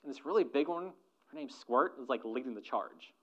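A man preaching a sermon as a pastor, moving between soft asides and loud emphatic lines and putting rhetorical questions to the congregation. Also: mid-range voice, lively intonation, normal speed, highs cut off.

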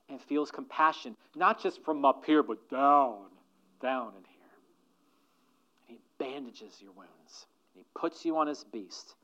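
Man, pastor, preaching a sermon, loud emphatic stresses, hushed near-whispers, slows to stress points, dull muffled recording. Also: a little high. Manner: slows down to stress key phrases.

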